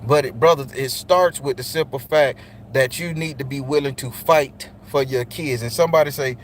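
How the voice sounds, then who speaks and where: A man's voice: mid-range voice, moderate pace, slight background noise. A middle-aged man talking to other men in a blunt, profane, preachy monologue, speaking directly to his listeners. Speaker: channel host speaking to men. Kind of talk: casual spoken monologue.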